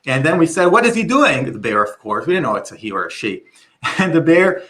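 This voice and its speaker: A middle-aged man presenting a webinar, telling a story in an animated way with many restarts. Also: medium pitch, brisk.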